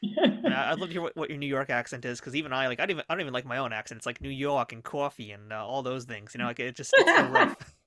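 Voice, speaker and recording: A man's voice: mid-range voice, racing, a bit bright, dry recording, studio quality. An American man hosting a podcast interview, asking questions in an enthusiastic, chatty way. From United States. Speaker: podcast host. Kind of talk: casual interview conversation.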